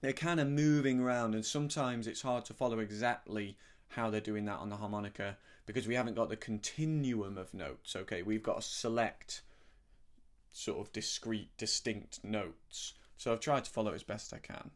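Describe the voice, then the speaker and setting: A middle-aged man teaching a harmonica lesson in a relaxed, gentle, explanatory way, sometimes humming syllables to show a sound. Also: on the low side, moderate pace. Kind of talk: relaxed spoken music lesson.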